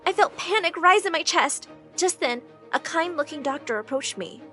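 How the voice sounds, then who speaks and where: A woman narrating an animated drama story in an expressive, dramatic way. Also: very high-pitched, moderate pace. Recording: faint background music.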